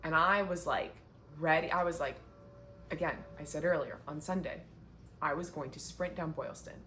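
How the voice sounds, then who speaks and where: A young woman with a low-pitched voice talks in a casual sit-down chat, chatty and heartfelt. She fills her sentences with "like". A faint hiss of noise sits behind her. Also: moderate pace, pushed and bright. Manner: chatty and heartfelt, many "like" fillers. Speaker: vlogger, marathon runner. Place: indoors, sitting down.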